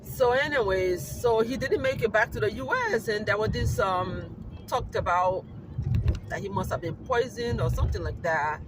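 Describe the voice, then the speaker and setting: In a noisy car on a windy, sunny summer day, a high-voiced Liberian man speaks at a moderate pace to his YouTube audience. His accent mixes Liberian and American English, and his earnest, rambling vlog talk is sprinkled with "you know."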